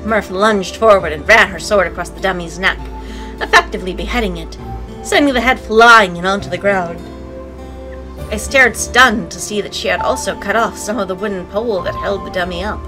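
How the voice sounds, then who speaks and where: A woman's voice: medium pitch, low-quality recording. A woman narrating a visual novel aloud as a let's play, breaking in with sarcastic, playful asides. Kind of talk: reading game text aloud with commentary.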